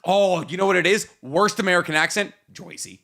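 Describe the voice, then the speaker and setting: A man's voice: sits high, fairly even intonation, quick pace, pushed and bright. A man co-hosting a podcast, trading profane jokes in rambling, casual banter. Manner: joking, profane, rambling riffs. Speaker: podcast co-host.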